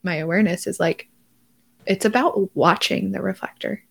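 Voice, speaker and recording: A woman's voice: medium pitch, normal speed, vocal fry, husky. Effusive rambling young woman. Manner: effusive, rambling with many "like"s and restarts. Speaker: podcast co-host. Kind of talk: casual chat.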